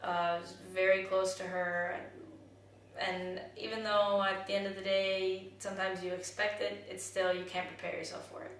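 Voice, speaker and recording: A young woman from the United States and Jamaica speaking candidly in a personal vlog, halting and restarting as she reflects. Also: medium pitch, level tone. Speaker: vlogger. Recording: very echoey room, voice from far off the mic, faint noise.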